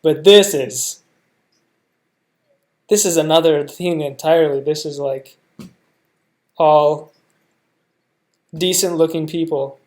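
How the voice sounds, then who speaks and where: A young American man reacting to a show, thinking out loud in a rambling way, full of fillers and restarts. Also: fairly high pitch, fairly even intonation, takes it slowly, long pauses. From United States. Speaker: reaction video host. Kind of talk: casual reaction commentary.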